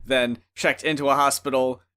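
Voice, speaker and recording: A man's voice: medium pitch, little pitch movement, moderate pace, pushed and bright, smooth. A man co-hosting an album review show in casual chat, laid-back, swearing freely and laughing often.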